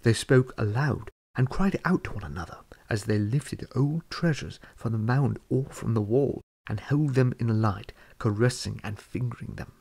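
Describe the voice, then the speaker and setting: A man narrating a fantasy storybook chapter in a measured reading voice. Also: medium pitch, creaky, darkish tone, breathy edge. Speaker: audiobook reader.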